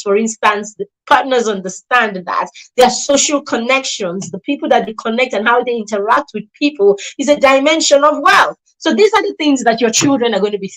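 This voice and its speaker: A woman with a somewhat high, slightly bright voice hosts and promotes a children's mentorship program, and the recording is rough. She speaks in an emphatic, persuasive way, stressing key words and repeating her main points.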